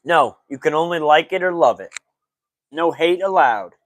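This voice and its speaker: High-voiced casual sports podcast host. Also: male voice, lively intonation, normal speed, background noise. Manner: loose, slangy, greets chat viewers by name. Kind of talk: casual livestream sports talk.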